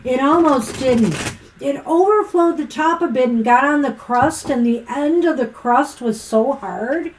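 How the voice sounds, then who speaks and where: A woman co-hosting a live tarot stream, chatting casually and giving rambling, gently encouraging card readings. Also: high voice, a little slow, rough recording. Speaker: co-host and tarot reader.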